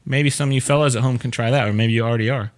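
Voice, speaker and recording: A man's voice: medium pitch, fairly even intonation, very fast. A middle-aged man hosting a casual chat show, joking and rambling with lots of fillers. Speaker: show host.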